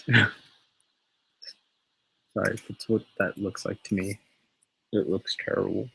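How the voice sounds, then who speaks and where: A man's voice: lowish voice, level tone, slow, gravelly, pauses often, sharp tone, husky, rough recording. A man hosting a casual show, rambling and swearing freely as he chats. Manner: profane, rambling, laughs often. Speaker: show host.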